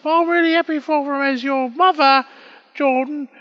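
A British man putting on a very high voice as a fake mother who rambles and halts with fillers. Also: steady tone, lo-fi sound. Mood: rambling. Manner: rambling, halting with many fillers. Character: a man faking a middle-aged mother. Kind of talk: comedic phone message bit.

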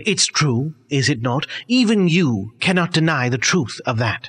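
Ranting comedy radio host. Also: male voice, mid-range voice, very animated, normal speed, a bit bright, breathy edge. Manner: ranting, indignant. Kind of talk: comedy radio show, bickering with himself.

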